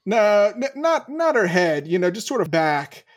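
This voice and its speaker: A man's voice: high-pitched, sing-song, normal speed. A man playing a tabletop game, joking and playful with the table. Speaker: player.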